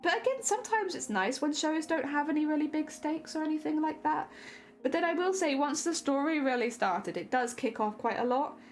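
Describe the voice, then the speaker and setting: A woman's voice: high voice, lively intonation, fairly quick. A young woman streaming, chatting casually with her audience, laughing often and trailing off mid-thought.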